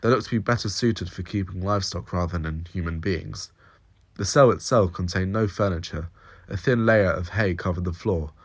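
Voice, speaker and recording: Very deep-voiced male story reader. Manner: steady, descriptive storytelling. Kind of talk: audio story narration.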